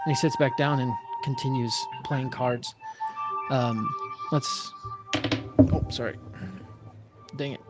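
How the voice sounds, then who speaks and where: A man's voice: medium pitch, fairly even intonation, takes it slowly, pauses often, over loud music. A man running a tabletop game as game master, talking with many hesitant fillers over a video call.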